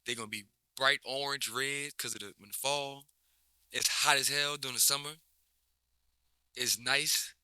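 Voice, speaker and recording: New coach guy just chatting, bright edgy tone, keeps restarting, dry mic. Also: mid-range voice, moderate pace, pauses often, clear, resonant tone, no room sound. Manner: relaxed, rambling, many restarts and slang. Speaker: basketball coach, guest. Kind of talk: casual interview chat.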